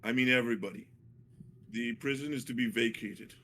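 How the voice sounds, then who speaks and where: A man's voice: medium pitch, fairly bright tone, close to an everyday voice. A man voicing a stern prison captain. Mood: commanding. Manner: commanding, brisk orders.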